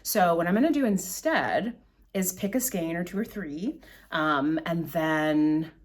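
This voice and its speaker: Speaking in a fairly low, unhurried voice, a middle-aged woman runs her own podcast from home, bags of yarn in front of her. Her talk is a loose, casual chat full of self-deprecating stories that wander.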